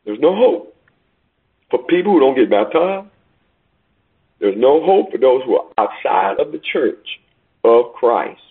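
A man preaching a sermon over a call, emphatic, swinging between loud peaks and quiet asides. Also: medium pitch, sing-song, a little slow, long pauses, slightly rough. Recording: tinny phone line.

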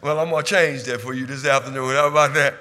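A man preaching a sermon in church, drawing call and response from the congregation, repeating himself and building from quiet talk to loud shouting. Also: mid-range voice, steady tone, fast, in a large hall. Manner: repetitive, asks the church for amens. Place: church sanctuary.

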